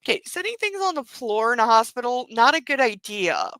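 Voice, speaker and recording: A woman reading a novel aloud with sarcastic, irreverent commentary, sometimes dropping to a hush. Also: on the high side, sing-song, brisk, dry recording, low-quality recording. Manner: wry and irreverent, drops to a hushed whisper for some narration. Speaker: book club podcast host.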